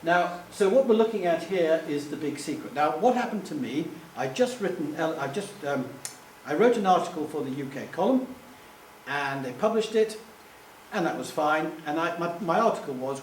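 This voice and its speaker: A man's voice: on the high side, animated, normal speed, darkish tone. Rambling man in an echoey hall. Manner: rambling, self-deprecating, jokey. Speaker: public speaker. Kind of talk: anecdotal live talk. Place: hall with live audience. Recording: echoey room, distant mic, faint hum.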